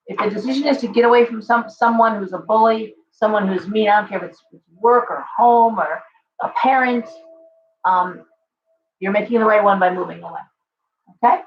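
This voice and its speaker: A woman with a mid-range voice speaks at a moderate pace, hosting a live-stream tarot reading and talking directly to her viewers in a chatty, reassuring way even as her voice gives out. The live-stream audio sounds roomy and a bit dull.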